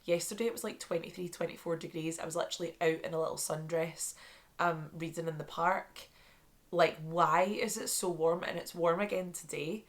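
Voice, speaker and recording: Stuffy, low-voiced Glasgow woman vlogger. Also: moderate pace. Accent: Scottish, Glasgow. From Scotland. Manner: chatty and excitable, many "like"s and "literally"s. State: congested, slightly croaky from a cold. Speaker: book vlogger. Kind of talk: casual chat.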